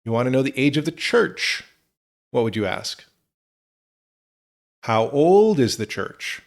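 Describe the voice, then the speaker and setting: A man teaching English, reading example questions slowly and clearly for learners. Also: medium pitch. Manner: slow, clear model phrases for learners. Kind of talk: scripted lesson narration.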